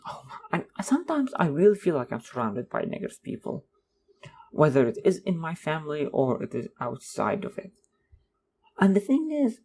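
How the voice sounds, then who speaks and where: A man's voice: mid-range voice, a little mellow. A young man hosting a podcast, rambling through a sarcastic casual rant and slipping into mocking voices. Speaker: podcast host. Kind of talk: casual monologue.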